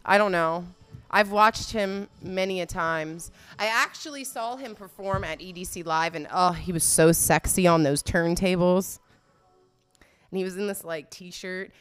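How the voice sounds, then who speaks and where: A woman's voice: on the low side, fairly bright tone, clear, resonant tone. A woman giving casual, blunt and profane commentary, laughing often as she reacts to a video.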